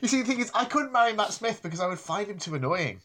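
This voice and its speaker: A man's voice: sits high, lively intonation, quick pace, a bit bright, slight background noise. A man co-hosting a podcast in casual chat, dry and self-deprecating, often restarting his sentences. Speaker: podcast co-host.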